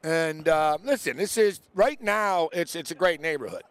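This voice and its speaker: A man's voice: a little high, expressive, normal speed, clear, resonant tone, dry recording. A man hosting a casual sports chat show, telling stories animatedly and acting out the people he quotes. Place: outdoors near a big event.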